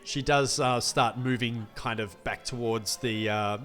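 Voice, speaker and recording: Man, game master, relaxed narration, fillers, tabletop game. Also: medium pitch, unhurried, faint music behind.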